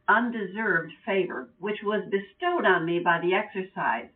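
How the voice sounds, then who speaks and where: A woman reads Bible verses aloud, careful and deliberate. She sounds distant from the mic, and the audio is narrow and tinny, like a phone call. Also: medium pitch. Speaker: Bible teacher. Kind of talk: reading scripture aloud.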